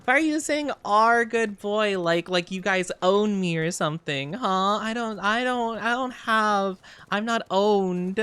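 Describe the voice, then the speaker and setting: A young man streams a game and chats with his viewers, playfully defensive as he denies their teasing. His voice sits high and sounds pushed and bright yet clean, moving a little slowly with few pauses.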